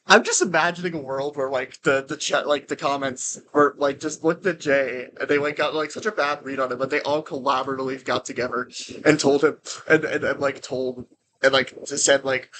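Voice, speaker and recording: Rambling man with a bright voice. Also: medium pitch, steady tone, moderate pace, a little hiss or hum. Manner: rambling, many restarts and fillers. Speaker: game streamer. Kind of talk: casual commentary while playing.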